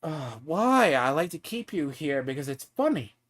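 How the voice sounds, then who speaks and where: A man's voice: a little high, big pitch swings, moderate pace, fairly bright tone. A man streaming a game, ranting at another player in a profane, taunting, mocking way. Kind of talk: heated live-stream rant at a player.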